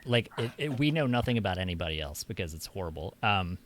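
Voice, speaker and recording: A man's voice: deep voice, very animated, fast, slight background noise. An American man hosting a casual chat, rambling and laughing often. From United States. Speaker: host.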